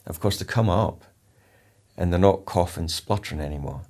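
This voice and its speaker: A man, a polar explorer, talking in an interview and telling a story vividly, calmly and deliberately stressing key words. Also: low voice. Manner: vivid storyteller who re-enacts his own instructions. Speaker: polar explorer and charity founder, interview guest.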